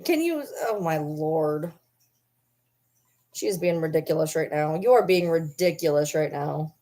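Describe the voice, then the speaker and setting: A woman's voice: low voice, animated, measured pace, dark tone. A woman in a casual home vlog talks to the camera. She teases her pet dog in a doting, playful voice and switches easily into baby talk. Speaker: vlogger.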